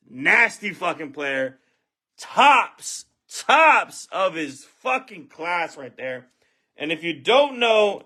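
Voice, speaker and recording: A man hosting a live trading card box break, excitable and profane, shouting when big cards are pulled. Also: sits high.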